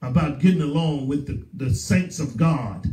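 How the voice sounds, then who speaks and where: A male pastor with a Southern US accent delivers a sermon full of emphatic repetition. His voice is a little high and warm, at a normal speed, and it reaches the microphone from far off with a roomy echo in the church sanctuary.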